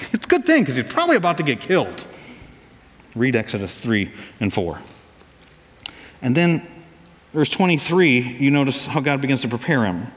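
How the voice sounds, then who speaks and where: A man preaching a sermon as pastor, casual and animated, acting out the people he quotes in raised voices. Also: medium pitch, moderate pace, pauses often, big-room sound.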